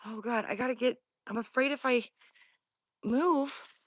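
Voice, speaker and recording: A woman vlogging from the woods on her phone, scared and breathing heavily, often dropping to a hushed whisper. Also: on the high side, measured pace. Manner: jittery, drops into hushed whispers. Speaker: paranormal vlogger. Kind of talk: live outdoor investigation vlog. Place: woods outdoors.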